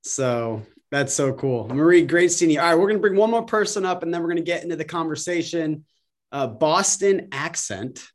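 A man hosts a casual online chat. His voice sits a bit high, and he talks in an enthusiastic, playful way as he greets everyone. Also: expressive, moderate pace. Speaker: host.

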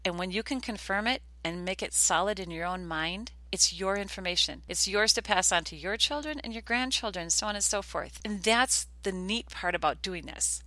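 Chatty older woman, bright voice. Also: medium pitch, dry recording. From United States. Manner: earnest, chatty storyteller. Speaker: podcast host. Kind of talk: casual podcast talk.

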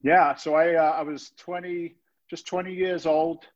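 A man in his fifties from England with a London accent softened by Boston, chatting as an interview guest in a chatty, self-mocking way. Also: a little high, little pitch movement, a little slow. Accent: London English softened by Boston. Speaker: guest, real estate investor. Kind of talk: casual interview chat. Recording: dull, muffled audio.

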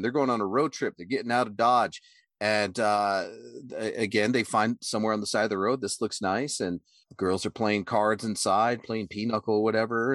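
A man's voice: lowish voice, a bit bright, no room sound, clean studio sound. A man co-hosting a podcast in casual, profane talk, rambling through a story and acting out quotes in a raised voice. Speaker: podcast co-host.

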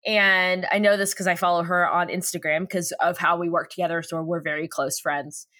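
A woman's voice: fairly low pitch, level tone, moderate pace, sharp tone. A woman co-hosting a podcast in casual chat, playful and teasing, laughing often. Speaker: podcast co-host.

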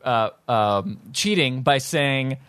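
A man hosting a casual movie podcast, retelling scenes and slipping into quick character voices. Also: mid-range voice, animated, a bit bright, clean tone, dry recording. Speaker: podcast host. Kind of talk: casual movie recap chat.

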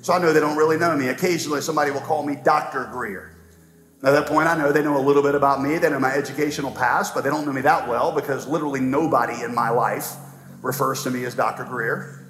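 A man preaching a sermon as pastor, earnest, with slow dramatic emphasis and touches of light humor. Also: mid-range voice, steady tone, a bit bright. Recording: reverberant hall with faint music.

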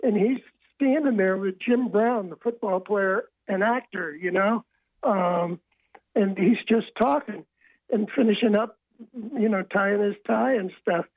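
A man's voice: high-pitched, unhurried, dry recording. An older man tells a winding story over a thin, tinny phone line. He restarts his phrases again and again as he goes. The sound is dry, with no room around it. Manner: rambling anecdotal storyteller, frequent restarts. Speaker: author and interview guest. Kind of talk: phone-in radio interview storytelling. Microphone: telephone.

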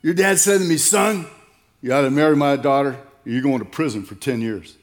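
A man voicing a sheepish husband in a joke, speaking in a hushed, deadpan way. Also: mid-range voice, brisk, lightly acted. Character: sheepish husband telling wife a confession.

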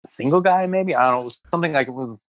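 Animated joking man telling stories. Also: medium pitch, racing, no room sound. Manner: animated anecdote-teller who keeps acting out quotes; laughs often mid-story. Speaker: comedian and writer, guest. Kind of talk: casual storytelling chat.

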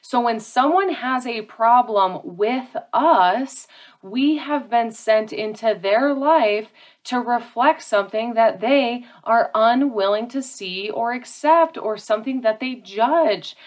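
A woman's voice: a little high, takes it slowly. A woman speaking earnestly and directly about handling conflict. She talks casually to her listeners and repeats key phrases for emphasis. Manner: casual, addresses listeners as "y'all" and "you guys". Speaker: self-help speaker. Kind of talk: motivational talk to an audience.

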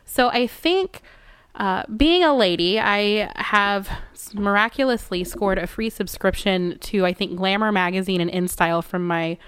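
A woman's voice: medium pitch, unhurried, fairly bright tone, smooth, no echo. A woman co-hosting a casual chat, telling stories in a chatty, self-mocking way. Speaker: podcast co-host.

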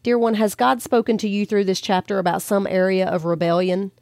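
A woman who hosts a podcast and wrote the book, reading a devotional chapter aloud in a gentle, prayerful way and slowing down for scripture. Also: mid-range voice, steady tone, creaky, no echo, studio quality. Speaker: podcast host and author.

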